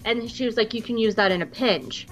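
A woman in her late twenties telling a story on a podcast in a casual, animated way, with lots of fillers and restarts. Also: on the high side, brisk, soft background music, poor audio. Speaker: podcast co-host.

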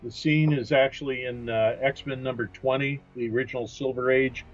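A man co-hosting a comics podcast, explaining carefully with many pauses and fillers. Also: mid-range voice, steady tone, dull audio, soft background music. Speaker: podcast co-host. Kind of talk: casual chat about comics.

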